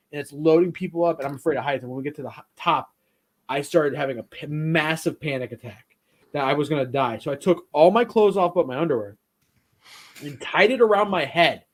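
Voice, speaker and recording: Male host, slightly high voice, rambling casual storyteller, swears freely. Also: animated, fast talker. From Italian heritage. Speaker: podcast host. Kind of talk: casual chat.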